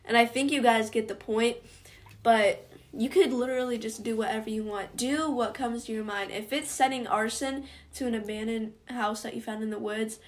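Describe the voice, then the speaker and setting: A young woman co-hosting a casual podcast, joking around and laughing loudly at her own remarks between thoughtful talk. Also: a little high, fairly even intonation, normal speed. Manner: jokey, laughs loudly at herself. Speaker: podcast co-host. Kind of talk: casual chat.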